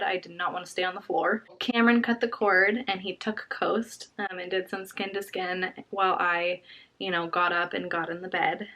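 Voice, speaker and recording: A young woman telling a personal story to her vlog audience at home. She speaks softly and earnestly, halting and restarting as she searches for words. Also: mid-range voice. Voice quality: soft, earnest and heartfelt. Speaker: vlogger.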